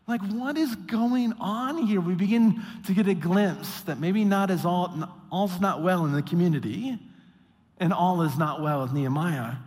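A man preaching a sermon, acting out quotes with mock voices in an animated way. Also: sits high. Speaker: pastor. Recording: long hall reverb.

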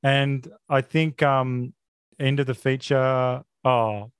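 A man hosting a film podcast, talking in a sarcastic, mock-outraged deadpan. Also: mid-range voice, takes it slowly, clean tone, dry recording, studio quality. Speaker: podcast host. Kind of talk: casual film review chat.

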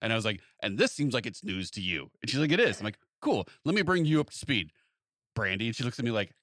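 Chatting casually, a man spins a long anecdote and acts out both sides of each quoted exchange with animated energy. His voice is medium in pitch and quick-paced, captured as clean studio sound with no echo.

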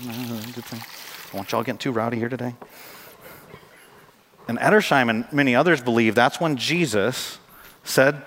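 A man preaching a sermon as pastor, animated and jokey, acting out scenes for his congregation in a church. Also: mid-range voice. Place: church sanctuary. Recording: long hall reverb.

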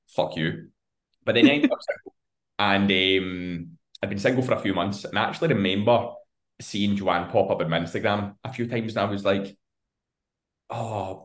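His voice is low with a fairly bright tone, carrying a Scottish accent. On the podcast he co-hosts, he chats casually through a long tale, laughing as he goes and swearing without restraint.

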